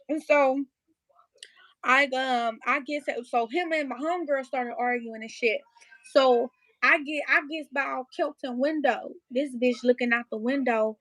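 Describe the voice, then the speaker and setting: Young woman, high bright voice, blunt and cussing, telling her story straight to camera, dry sound. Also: a little slow, no room sound, low-quality recording. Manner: blunt, profane, emotional, with raw outbursts. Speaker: vlogger. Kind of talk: emotional storytelling vlog.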